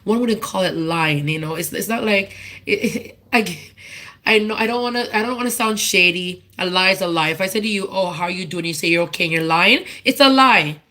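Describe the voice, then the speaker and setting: A woman's voice: medium pitch, fairly quick, sharp tone. Earnest woman searching for words. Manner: searching for words, with frequent restarts and repeats; earnest and candid. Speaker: church speaker giving a tribute. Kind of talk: personal testimony, informal.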